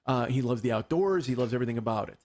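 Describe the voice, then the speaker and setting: A man's voice: mid-range voice, expressive, very fast, darkish tone. A man in his forties, a podcast host, telling rambling, profane stories in casual chat, laughing as he goes. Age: 40s. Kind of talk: casual comedic storytelling.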